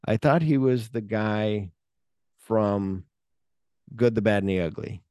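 A man's voice: fairly low pitch, slow, darkish tone, clear, resonant tone, no room sound, studio quality. A man co-hosting a casual film podcast, rambling and searching for names with lots of fillers. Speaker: podcast co-host.

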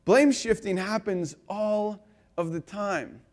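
Animated, slightly high-voiced man preaching. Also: takes it slowly. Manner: animated storyteller, swinging between loud and soft; casual, with frequent "like" and "you know". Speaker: pastor. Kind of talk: conversational sermon.

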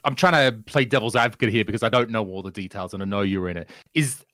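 A man's voice: on the low side, fast, no echo, clean studio sound. A man co-hosting a podcast, chatting casually and hesitantly as he thinks aloud. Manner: hesitant, animated. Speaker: podcast co-host. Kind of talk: casual chat.

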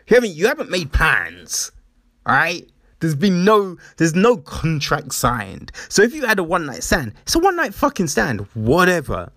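A man's voice: a little high, huge pitch swings, normal speed, a bit bright, dry recording, studio quality. A man giving casual commentary, mocking and incredulous, swearing often and laughing.

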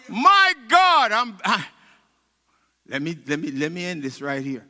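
A man preaching a fervent sermon as pastor of a church, rising to shouted peaks and calling on the congregation to answer back. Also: high voice, slow, big-room sound, soft background music. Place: church sanctuary.

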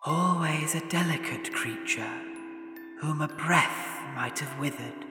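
A man voicing a solemn male Christmas spirit who speaks slowly and softly in a storybook reading. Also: on the high side, reverberant, in a large hall, music in the background, pitched above the performer's own voice. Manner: slow, hushed, gentle.

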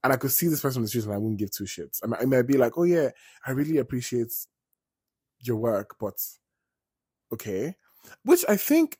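A man's voice: mid-range voice, darkish tone, husky, no room sound, studio quality. A man talking casually as a vlogger, retelling a story in a chatty, digressive way and swearing freely.

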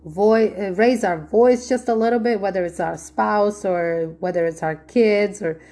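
A woman's voice: mid-range voice, a little slow, mellow. A woman giving a podcast Bible teaching in an earnest way, repeating her points and asking rhetorical questions.

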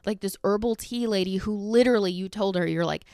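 A woman's voice: medium pitch, brisk, mellow, clear, resonant tone, no room sound, clean studio sound. A woman in her thirties ranting sarcastically in a casual solo podcast, swearing freely and mimicking people.

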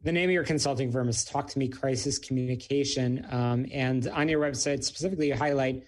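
A man's voice: mid-range voice, steady tone, a little fast. A man hosting a business talk show, interviewing a guest with many fillers and hesitations. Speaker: radio show host.

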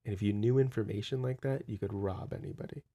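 Guy podcasting, husky and low, dry close mic, swears a lot and teases. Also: fast, mellow, dry recording. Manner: swears often, teasing. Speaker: podcast co-host. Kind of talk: casual chat. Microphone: podcast microphone.

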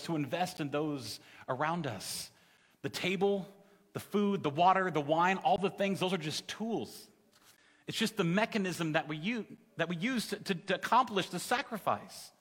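Conversational preacher in a big echoing hall. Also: male voice, a little high. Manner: conversational, calls on the audience, drops to soft tones in the emotional story. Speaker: pastor. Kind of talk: sermon. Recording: long reverb in a large hall.

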